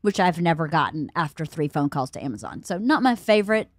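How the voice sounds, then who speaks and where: A woman's voice: deep voice, sing-song, brisk, no echo. A woman hosts a casual podcast chat and tells a long, exasperated story to her friends. Her voice is close and dry, with no room sound. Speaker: podcast host.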